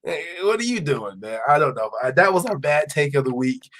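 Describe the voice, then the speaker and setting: A male podcast host in casual sports talk, animated and laughing often as he talks. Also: fairly high pitch, a little fast. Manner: animated, laughs a lot while talking.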